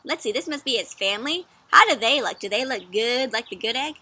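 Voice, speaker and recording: A woman reading a picture book aloud to children in a teacherly way, pausing often to ask them questions. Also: fairly high pitch, expressive, sharp tone. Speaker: children's story reader. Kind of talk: interactive read-aloud for kids.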